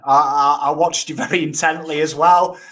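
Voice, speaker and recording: A dry, teasing Englishman with a high voice banters about footy as co-host. He leans on "I mean" and little asides as he needles his mate. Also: steady tone, moderate pace, fairly bright tone. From England.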